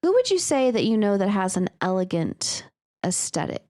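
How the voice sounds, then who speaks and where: A woman's voice: mid-range voice, sing-song, moderate pace, a little mellow, dry recording, clean studio sound. A woman co-hosting a writing podcast, chatting casually, often agreeing and saying um. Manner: agreeable, lots of "mm-hmm" and "um". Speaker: podcast co-host. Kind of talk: casual chat.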